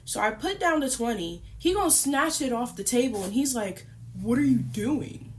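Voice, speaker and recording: A young woman vlogger casually telling a long story to her viewers, chatty and animated, with lots of fillers. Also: on the high side, normal speed. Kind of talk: casual storytime while eating.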